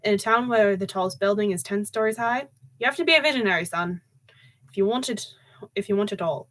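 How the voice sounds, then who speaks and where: A boastful, wealthy father lectures his son about aiming high, played by a woman. He blusters and teases. It is a storybook reading. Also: a little fast, close to an everyday voice. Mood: blustering. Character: bold, boastful wealthy father with a booming laugh.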